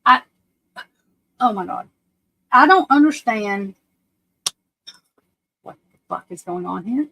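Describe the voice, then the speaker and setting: A woman's voice: mid-range voice, animated, slow, gravelly, long pauses, bright, forceful tone, slight background noise, poor audio. A woman hosting a casual livestream, anxious and flustered, often breaking off and restarting her sentences. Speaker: livestream host.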